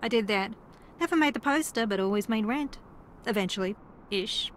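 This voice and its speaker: An actress voicing a wry, sarcastic female reality-TV contestant from New Zealand in a mystery video game, with a dry, teasing, deadpan delivery. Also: a little high, normal speed, slight background noise, close to an everyday voice.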